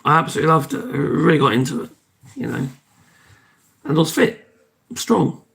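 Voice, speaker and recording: This livestream host has a voice on the high side with big pitch swings, vocal fry and a bit of brightness, speaking at normal speed. His casual talk wanders and cuts itself off as he thanks viewers and closes with a cheery goodbye.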